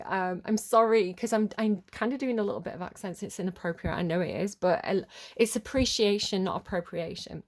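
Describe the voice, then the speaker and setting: Speaking at a medium pitch, a woman gives a casual tarot reading, rambling, getting sidetracked easily and apologizing often. Between these asides, she slows down to read the card text aloud.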